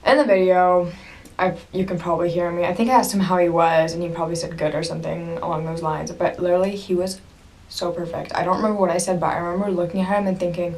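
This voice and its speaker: A woman's voice: on the low side, steady tone, fast talker, a little mellow. A young woman vlogging casually to camera, gushing and rambling with lots of "like" and "literally".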